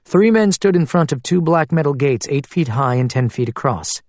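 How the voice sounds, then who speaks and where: A man narrating a thriller audiobook in a steady, even storytelling manner. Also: a little high, moderate pace, no room sound.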